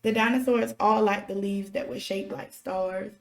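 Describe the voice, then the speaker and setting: A woman voices an eager, friendly young boy who is hopeful and chatty. The reading is plain and cheerful at a middle pitch. The room adds a clear echo. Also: steady tone, normal speed, distant mic, close to an everyday voice. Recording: roomy echo.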